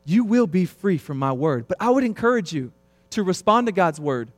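A man in his thirties preaching a sermon, swinging between quiet, low stretches and loud, emphatic passages. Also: very animated, normal speed, dry recording. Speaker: pastor.

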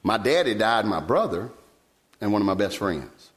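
A man, preaching a sermon as a pastor, telling personal stories with sudden leaps up in pitch when he quotes himself. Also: sing-song, normal speed. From Virginia, US.

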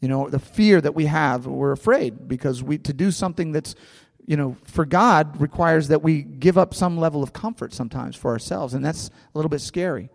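Animated man preaching in a reverberant hall. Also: a little high, moderate pace, creaky, few pauses. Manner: animated, repeats words, acts out scripture with a volunteer. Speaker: pastor. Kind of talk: sermon.

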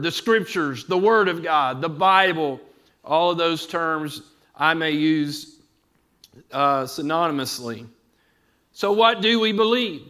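Bright, high-voiced man preaching slowly. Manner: measured, explanatory, asks the congregation questions. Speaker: pastor. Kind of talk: evening Bible teaching sermon.

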